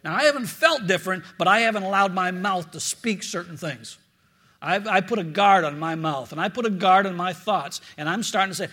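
A man preaching a sermon as a pastor, earnest and storytelling, often repeating words and dropping low and quiet for prayers. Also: expressive, moderate pace.

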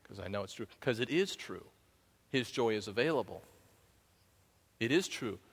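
A man's voice: on the low side, lively intonation, normal speed, breathy edge. A man giving a conversational sermon as a pastor, often asking the congregation "right?" and breaking into bits of song. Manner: conversational, keeps asking "right?", sings snatches of songs. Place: church sanctuary. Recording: long hall reverb.

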